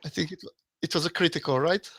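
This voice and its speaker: A man's voice: on the high side, fairly even intonation, fast talker, a bit bright, slightly rough, no echo. A tabletop game player, a man coming down with a cold, talking hesitantly and politely. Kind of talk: casual chat at a game table.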